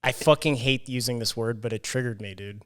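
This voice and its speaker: A young adult man co-hosting a podcast, relaxed and profane in casual chat. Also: medium pitch, a little fast, clear, resonant tone. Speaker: podcast co-host.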